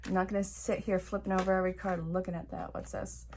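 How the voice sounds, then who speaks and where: A woman's voice: fairly low pitch, little pitch movement, quick pace, darkish tone, slight background noise. A woman reading tarot cards for her viewers as a life coach, chatty and encouraging, repeating her points with emphasis. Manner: chatty, talks to the viewer and to spirit while drawing cards. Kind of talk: casual tarot reading to camera.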